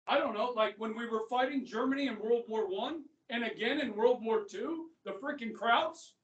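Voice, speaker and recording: A man's voice: very high-pitched, normal speed, a bit bright, lo-fi sound. A male history teacher giving a casual, joking classroom lecture and firing rhetorical questions at his students. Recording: echoey classroom, speaker far from the mic.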